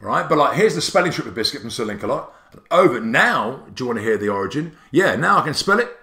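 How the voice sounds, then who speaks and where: Excitable man in an echoey room. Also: medium pitch, quick pace. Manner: excitable, theatrical, jokey. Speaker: app creator and teacher presenter. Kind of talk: tutorial presentation.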